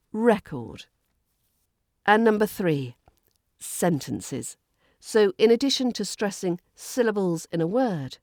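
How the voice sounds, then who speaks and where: A woman with a Southern English RP accent, hosting a podcast lesson on pronunciation and speaking slowly and clearly as she demonstrates word stress. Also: lowish voice, darkish tone, no echo, clean studio sound. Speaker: accent coach and podcast host.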